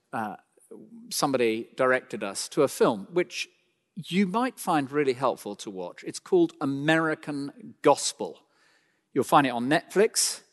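A man preaching a sermon, swinging between loud emphatic lines and quiet slowed phrases, with dry asides. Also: mid-range voice. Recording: long hall reverb.

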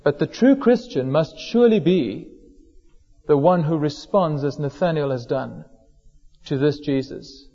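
Preacher in an echoing church. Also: male voice, fairly high pitch, animated, mellow. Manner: measured, slows down for emphasis on quoted words. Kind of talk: sermon. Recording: dull lo-fi sound in a hall with long reverb.

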